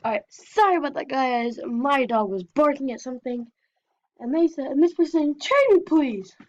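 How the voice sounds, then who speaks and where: A woman's voice: sits high, moderate pace. A young woman chatting casually while playing an online game and reading its messages aloud. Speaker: gameplay vlogger. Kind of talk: casual gameplay commentary. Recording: dull lo-fi sound.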